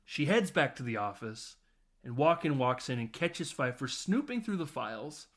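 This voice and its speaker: A man's voice: medium pitch, moderate pace. A man casually recapping a movie on a podcast, laughing often and acting out lines from the film. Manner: animated, laughing, doing voices of film characters. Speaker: podcast host.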